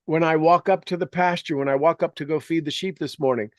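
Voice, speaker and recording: A man's voice: a little high, steady tone, quick pace, no echo. Earnest, rambling man with a dry sound. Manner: earnest, enthusiastic, rambling storytelling. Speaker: meditation host. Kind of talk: reflective spoken meditation.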